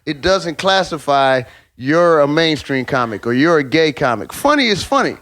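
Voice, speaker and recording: A middle-aged man talks as a guest comedian on a podcast, his pitch rising and falling widely. He is emphatic and profane. The sound is dry and close. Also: big pitch swings, normal speed, fairly bright tone, no room sound. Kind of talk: casual podcast chat.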